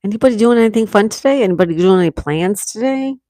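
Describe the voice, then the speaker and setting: A woman's voice: medium pitch, animated, quick pace, dark tone, dry recording. Woman in her 60s from New York State, livestream host, chatty, reads comments aloud, dry close sound. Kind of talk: casual live chat reading comments.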